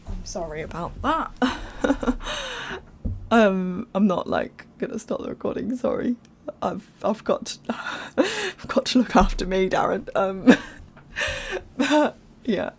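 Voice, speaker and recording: A woman's voice: mid-range voice, slight background noise. A young woman giving casual, rambling voiceover commentary over a game build from home, chatty and apologetic, often laughing. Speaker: game speed-build creator.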